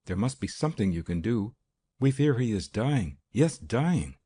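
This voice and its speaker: A man's voice: fairly low pitch, big pitch swings, moderate pace, dark tone, breathy edge, voice pushed up. A man reading an audiobook, voicing a frightened young woman who begs for help through sobs. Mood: tearful. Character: sobbing young woman, frightened for her fiancé.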